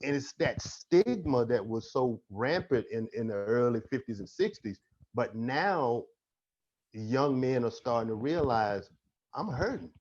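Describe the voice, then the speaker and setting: A man's voice: medium pitch, animated, measured pace, a little mellow. A man speaking as a counselor on a panel, emphatic with a repetitive, preacher-like cadence. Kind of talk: panel discussion. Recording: dull lo-fi audio with faint noise.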